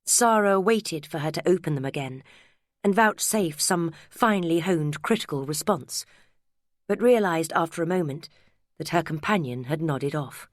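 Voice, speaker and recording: A woman narrating an audiobook in a measured, wry storytelling manner, close to the mic. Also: sits low, expressive, no echo. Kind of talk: scripted narration.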